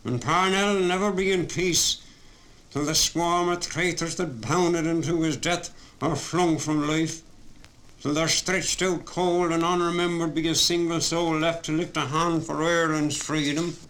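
A man voicing a fierce, angry hurler who shouts his words in a storybook reading. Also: a little high, fairly even intonation, unhurried, voice pushed up, rough recording. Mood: furious. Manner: shouting, furious.

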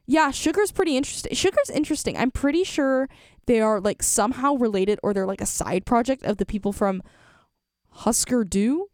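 A woman's voice: on the high side, a little mellow, dry recording, clean studio sound. A young woman, a college radio DJ chatting casually on air, rambling with lots of fillers and self-corrections. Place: radio studio.

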